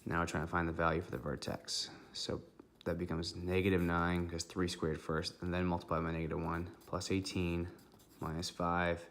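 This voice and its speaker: A man with a deep voice explains a math lesson step by step. His tone is bright and forceful, and his delivery stays methodical with frequent check-ins. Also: moderate pace, hardly any pauses, slight background noise. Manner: methodical, steady, checks in with "okay". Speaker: math teacher.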